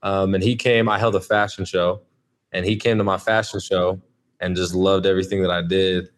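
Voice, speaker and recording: A man in his twenties, a podcast guest, chatting in a relaxed way and often saying "like". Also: low-pitched, normal speed. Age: 20s. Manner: relaxed, lots of "like" fillers. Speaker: podcast guest, college athlete. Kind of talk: casual interview chat.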